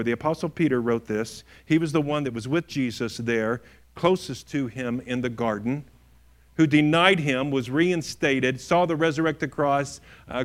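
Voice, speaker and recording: A man preaching a sermon earnestly, rising to emphatic peaks and dropping to hushed, quiet phrases. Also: medium pitch. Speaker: pastor.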